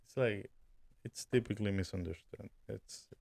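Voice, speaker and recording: A man's voice: lowish voice, moderate pace, gravelly, darkish tone, no room sound. A man co-hosting a casual podcast, talking in a laid-back, rambling way and dropping in Spanish words. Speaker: podcast co-host.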